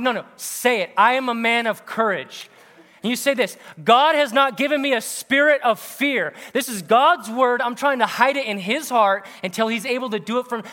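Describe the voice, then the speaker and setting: High bright-voiced male preacher in a reverberant hall. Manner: animated, punchy, with bursts of laughter. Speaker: pastor. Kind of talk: sermon.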